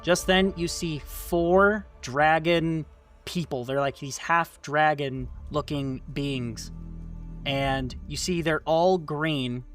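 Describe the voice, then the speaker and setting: A man's voice: fairly high pitch, takes it slowly, a bit bright, faint music behind. A man narrating a tabletop role-playing game as game master, talking loosely with many fillers and restarts.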